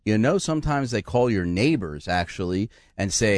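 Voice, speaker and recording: A man's voice: lowish voice, normal speed, few pauses, dry recording. A man hosting a radio call-in show, talking in a folksy, joking way. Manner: animated, folksy, jokey.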